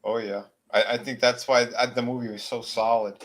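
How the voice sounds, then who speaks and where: A man's voice: medium pitch, flat delivery, a little fast, a bit bright, a little hiss or hum. A man co-hosting a horror film podcast, casually retelling scenes and acting out the characters' lines with plenty of fillers. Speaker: podcast co-host. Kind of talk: casual movie recap chat.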